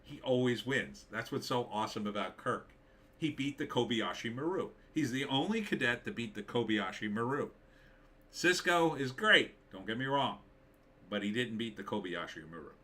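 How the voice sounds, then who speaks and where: Blunt, opinionated man with a bright tone. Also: medium pitch, animated, moderate pace. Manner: blunt, dismissive, opinionated, many fillers. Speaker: live stream host reading chat. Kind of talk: casual opinionated live-stream chat.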